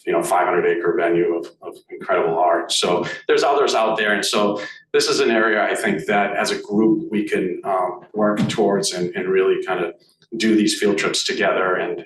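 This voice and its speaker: Halting man with a Boston accent. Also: low-pitched, steady tone, a bit bright. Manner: halting, many fillers and restarts. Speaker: board director speaking at annual meeting. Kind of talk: meeting report, casual. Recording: echoey room, mic at a distance, faint noise.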